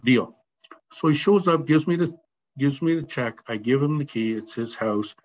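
A man telling a personal story as a podcast guest, animated and acting out the voices of the people in it. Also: a little high, normal speed. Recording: slightly dull sound, faint background noise.

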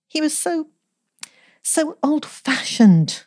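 A woman's voice: fairly low pitch, very animated, normal speed, warm tone, dry recording, clean studio sound. A woman voicing a tearful, petulant young office girl who pleads and whines. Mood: wailing. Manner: whiny, pleading, breathless.

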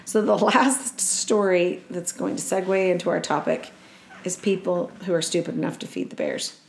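A woman's voice: lowish voice, normal speed, gravelly, slight background noise. A woman co-hosting a chat show, telling a story in a rambling, joking way and correcting herself as she goes. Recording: roomy echo.

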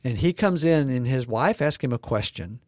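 A man's voice: medium pitch, animated, moderate pace, no room sound, clean studio sound. A man co-hosting a podcast discussion, telling stories with frequent restarts. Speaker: co-host.

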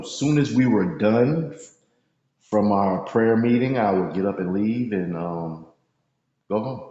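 A man co-hosting a podcast, speaking in a laid-back, halting way with many fillers. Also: on the low side, a little mellow, very echoey, long reverb tail, highs cut off. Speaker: podcast co-host. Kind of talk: casual storytelling chat.

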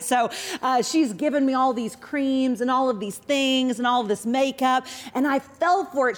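A middle-aged woman co-preaching with her husband, telling a self-deprecating story with expressive energy. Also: a little high. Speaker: pastor's wife, co-speaker. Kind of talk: sermon storytelling.

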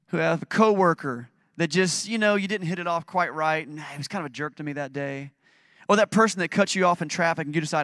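A man's voice: fairly high pitch, a little fast, a bit bright, no room sound, studio quality. Emphatic conversational male pastor. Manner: conversational, emphatic preaching with dramatic readings. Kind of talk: sermon.

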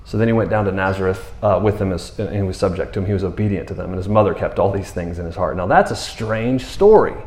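A man preaching a sermon in a relaxed, conversational way, acting out quotes playfully. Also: low voice, fast, hardly any pauses, roomy sound. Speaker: pastor.

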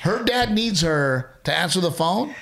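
A man in his thirties co-hosting a casual chat, telling animated stories and dropping dude and bro. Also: high-pitched, unhurried. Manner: animated storyteller, mocking impressions, says dude and bro. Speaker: podcast co-host.

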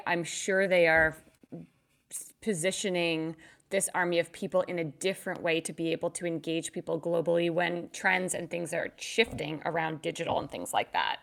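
Lower-pitched woman, animated chat. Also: gravelly. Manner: animated, acts out quoted voices. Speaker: podcast co-host. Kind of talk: casual chat about marketing.

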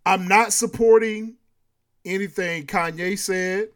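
High-voiced, animated man talking sports. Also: slow pace. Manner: animated, laughs often, repeats himself when making a point. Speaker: podcast co-host. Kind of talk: casual sports and culture chat.

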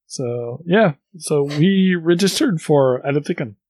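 A man co-hosting a relaxed hobby chat, hesitant, with frequent filler pauses. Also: fairly high pitch, no room sound. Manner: hesitant, many uh fillers, laughs softly. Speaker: podcast co-host. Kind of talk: casual chat.

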